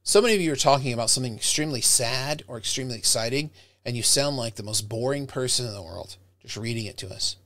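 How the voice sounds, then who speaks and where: A middle-aged man, a professor, giving an animated, direct lecture on public speaking to his students, recorded close to a webcam mic. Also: mid-range voice, quick pace, no room sound. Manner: animated, direct, demonstrates tones by acting them out.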